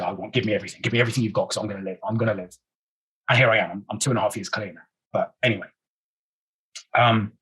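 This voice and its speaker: A man's voice: on the low side, fairly bright tone, poor audio. A man, an actor guesting on a podcast, talking in an earnest, emotional way that halts and repeats itself. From England. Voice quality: very husky. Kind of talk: casual interview talk.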